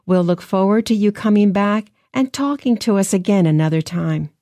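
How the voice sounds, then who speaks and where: A woman hosts with a mellow, darker tone and a soft, encouraging delivery. The sound is close and dry with no room around it. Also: medium pitch, normal speed, no room sound. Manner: soft, encouraging, gently paced. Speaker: co-host. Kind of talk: scripted radio talk.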